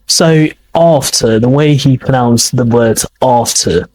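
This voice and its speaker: Husky man teaching English. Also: mid-range voice, darkish tone, rough recording. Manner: explains slowly, repeating words to model pronunciation. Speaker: English teacher, podcast host. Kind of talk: accent lesson commentary.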